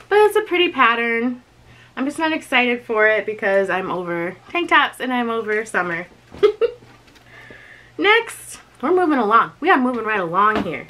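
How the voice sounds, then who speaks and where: A woman's voice: on the high side, pushed and bright, rough recording. A young woman chatting casually through a clothing unboxing and try-on, giggling often and talking to herself as she goes. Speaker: vlogger reviewing a clothing box.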